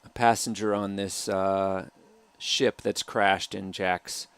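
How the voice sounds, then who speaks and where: Low gravelly man, hesitant director. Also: flat delivery, slow, no room sound. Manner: soft-spoken, hesitant with many ums and uhs. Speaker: film director. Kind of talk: commentary over a film trailer.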